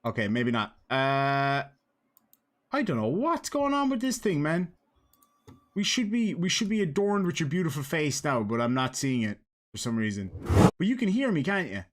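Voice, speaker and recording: A man's voice: fairly high pitch, very animated, moderate pace. A man with an Irish accent hosting a casual live stream, chatting and joking with his guest and viewers.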